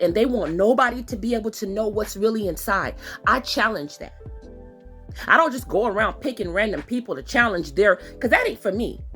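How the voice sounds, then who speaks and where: A woman hosting a podcast, speaking about her own experiences in an emphatic, confrontational way that repeats its points and is sometimes close to tears. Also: mid-range voice. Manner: emphatic, repetitive and confrontational, at times tearful. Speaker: podcast host. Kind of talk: personal testimony monologue.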